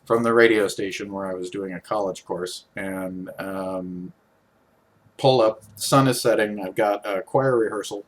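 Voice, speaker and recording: Animated man telling a personal story. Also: lowish voice, measured pace. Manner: animated, with sudden jumps in loudness.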